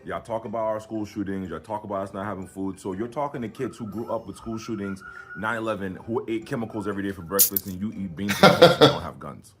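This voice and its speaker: A man in a played social video clip, ranting and boastfully listing things in a rapid monologue. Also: fairly low pitch, slight background noise. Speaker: TikTok creator in a played clip. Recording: clip played over music.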